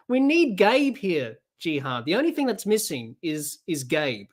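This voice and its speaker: A woman hosting a live cricket watch-along podcast, excitable as she calls the play and answers viewer chat. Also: on the low side, unhurried. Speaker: podcast host.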